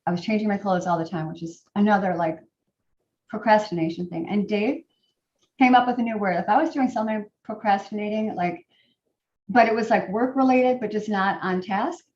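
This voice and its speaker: A middle-aged woman telling a personal story to a group, in a halting way with many fillers and restarts. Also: medium pitch, a little mellow, a little hiss or hum. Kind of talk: personal testimony talk. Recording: roomy, distant, dull sound.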